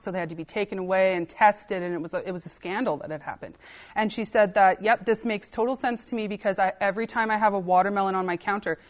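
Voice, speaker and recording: A woman, an assistant archivist, telling funny anecdotes in a casual podcast interview and acting out the voices of the people she quotes. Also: medium pitch. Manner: animated anecdotes, acting out quoted dialogue, laughing.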